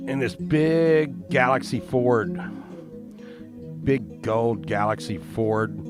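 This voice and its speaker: A man telling a story in a rambling, profane way, often laughing at his own tale. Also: medium pitch. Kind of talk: casual storytelling. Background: plucked guitar music.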